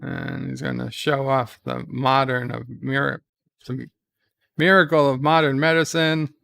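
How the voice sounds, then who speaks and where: Gravelly man casually recapping a show live. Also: mid-range voice, little pitch movement, measured pace, dry recording. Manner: loose recapping of scenes, reads viewer chat questions aloud; thinks out loud with fillers and restarts. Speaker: live commentary host. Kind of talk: casual live episode commentary.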